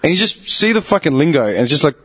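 Husky, lively Australian guy chatting. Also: on the high side, fast talker. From Melbourne, Australia. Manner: swears constantly, laughs loudly. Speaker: podcast co-host. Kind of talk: casual banter among friends.

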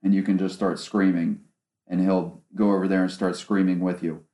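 A podcast host with a low, warm voice rants sarcastically in flat delivery at normal speed. He's alone doing casual podcast talk in a small home studio, recorded on one omnidirectional microphone.

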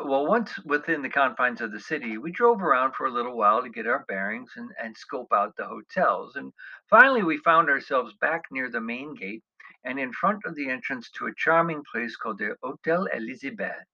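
A middle-aged American man tells a funny story about his own travels, wry and self-mocking, with chuckling asides. His medium-pitched voice sounds pushed and bright. The recording is dull and lo-fi.

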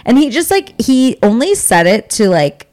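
A woman's voice: fairly high pitch, big pitch swings, normal speed, darkish tone. A young woman co-hosting a podcast, chatting casually and animatedly with lots of fillers. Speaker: podcast co-host. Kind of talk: casual chat.

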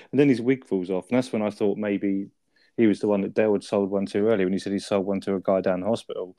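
A man's voice: fairly low pitch, fairly even intonation, quick pace, mellow, dry recording, clean studio sound. A young man co-hosting a casual chat about a sitcom episode, laughing often and acting out quoted lines. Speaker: podcast co-host.

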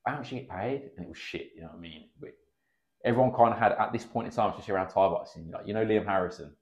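Fast-talking low-voiced man. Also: darkish tone. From England. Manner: chatty, swears freely, acts out quoted dialogue. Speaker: podcast guest, kickboxing coach. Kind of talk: casual podcast storytelling. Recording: slightly dull lo-fi podcast audio.

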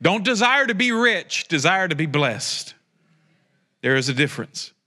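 A man's voice: sing-song, a little slow, sharp tone. A man preaching a prophetic sermon, speaking directly to listeners with passion and joking asides. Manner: impassioned, joking asides, rising to a fervent pitch.

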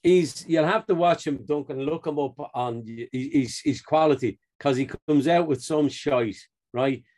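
A man co-hosts a casual podcast, bantering with friends and telling animated stories in a slightly high voice at normal speed with few pauses. He laughs often and acts out what others said.

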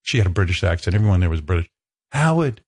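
A male radio host telling a story in casual chat, profane and self-mocking, leaping up in pitch whenever he acts out what other people said to him. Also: steady tone, a little mellow. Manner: acts out quoted people with quick pitch jumps.

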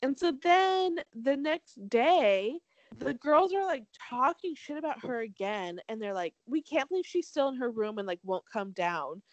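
A young woman talks fast and animated as she recaps a dating show, swearing freely and acting out what the cast said. Her voice sits a little high and swings widely in pitch. The sound is dry and close. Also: no echo, lo-fi sound. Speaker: podcast co-host. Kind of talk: casual chat recapping a reality dating show.

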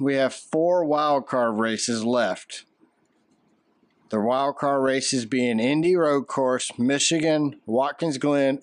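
A man's voice: mid-range voice, no echo. Southern man chatting, dry close sound. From American South. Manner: chatty, opinionated, joking. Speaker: podcast co-host. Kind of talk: casual chat.

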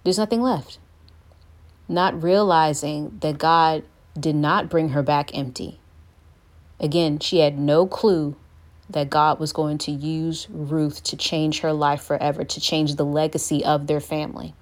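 A woman's voice: low voice, flat delivery, measured pace. A young woman giving an earnest Christian devotional talk, sometimes acting out the voices she quotes. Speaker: Christian speaker.

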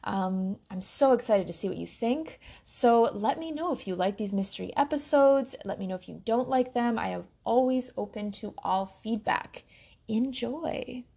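Gravelly-voiced woman hosting a spiritual podcast. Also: a little high. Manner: slow, relaxed, with frequent ums. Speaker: podcast host and intuitive health coach. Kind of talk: casual podcast monologue.

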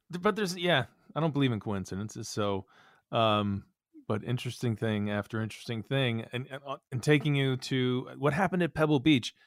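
A male podcast host draws out his guest with curious questions and quick laughs. His voice sits at a middle pitch and is recorded close and dry, without any echo. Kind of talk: interview.

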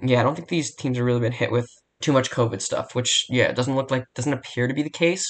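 Profane, rambling young podcast host. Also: male voice, medium pitch, quick pace. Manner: profane, blunt, rambling with restarts. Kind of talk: casual solo sports betting podcast. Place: home room near a barking dog.

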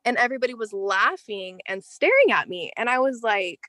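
A teenage girl, a guest in a casual interview, tells a personal story in an animated, chatty way, saying "like" a lot. Her voice is a little high and a little fast, with no echo.

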